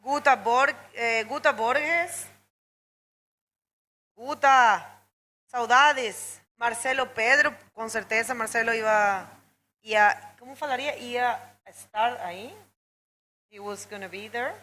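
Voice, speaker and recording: A woman's voice: on the high side, a little slow, rough recording. A woman doing live bodyboarding commentary, chatting and greeting viewers. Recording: loud crowd behind.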